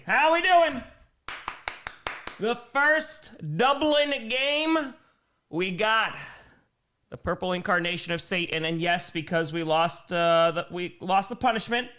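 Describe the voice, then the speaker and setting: A man's voice: sits high, normal speed, clean tone. A young man with an Upper Midwest American accent, hosting a live football stream from home, calling plays and reading chat comments. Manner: energetic, calls plays and reads chat comments. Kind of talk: live play-by-play and chat reactions. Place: home room.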